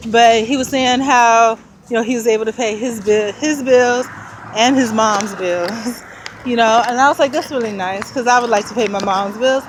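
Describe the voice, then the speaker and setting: Out of breath and laughing a lot, a woman vlogger rambles as she walks along a traffic-filled city street holding her camera. She speaks at a moderate pace in a voice on the high side, with street noise and passing cars audible throughout.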